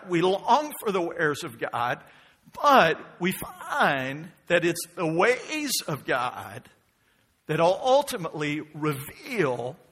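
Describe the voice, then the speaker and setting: A middle-aged male preacher with a husky, bright voice that sits high and swoops widely in pitch. He preaches slowly and deliberately, stacking repeated questions with building emphasis. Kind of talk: sermon.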